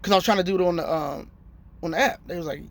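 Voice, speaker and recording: Trucker guy, higher voice, slangy, acts out the phone calls in his story. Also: racing, vocal fry, a bit bright, a little hiss or hum. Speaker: truck driver vlogger. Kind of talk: casual vlog rant.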